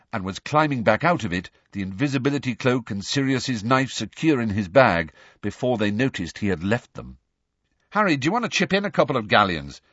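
Male narrator, husky, lively pitch, dry close mic, dull lo-fi audio. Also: dry recording.

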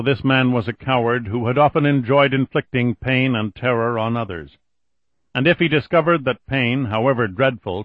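A man narrating an audiobook in a steady, even reading voice, on a dull lo-fi recording. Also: medium pitch, dry recording. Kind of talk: scripted narration.

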